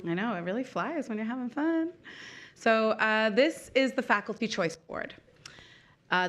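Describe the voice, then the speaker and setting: A woman presenting an award show in a casual, slightly flustered way. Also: medium pitch. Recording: noisy live room.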